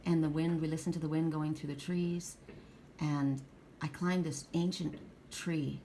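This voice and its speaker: Woman, middle-aged, lowish voice, rambling spiritual card reading, faint ambient hum behind. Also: fairly even intonation, measured pace. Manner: rambling, warm storytelling with many restarts. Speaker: oracle card reader.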